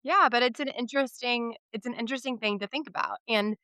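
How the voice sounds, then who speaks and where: A woman's voice: on the high side, quick pace, sharp tone, no room sound. A woman hosting a parenting podcast, speaking in a thoughtful, conversational way. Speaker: podcast host, twin mom. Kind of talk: casual interview chat.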